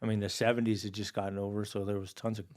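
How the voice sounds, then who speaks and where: A man in his forties from Hawaii, a podcast guest telling stories in a relaxed, rambling way, full of "dude" and "you know.". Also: on the low side, very fast. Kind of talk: casual storytelling conversation.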